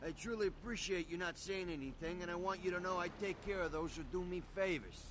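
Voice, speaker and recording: A man's voice: sits high, quick pace, background noise, natural voice. An actor playing a grateful, street-smart male fixer in a video game.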